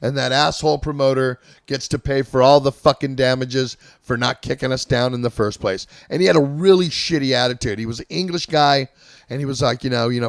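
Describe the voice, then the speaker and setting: A man in his fifties hosting a casual chat, telling old touring stories in an animated, profane way. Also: mid-range voice, fairly quick, vocal fry, dry recording, studio quality. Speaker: host.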